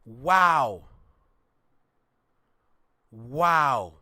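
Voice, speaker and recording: A young man hosting a music reaction, talking casually with loud outbursts and hushed awe. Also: sits high, expressive, takes it slowly, long pauses, dry recording, clean studio sound.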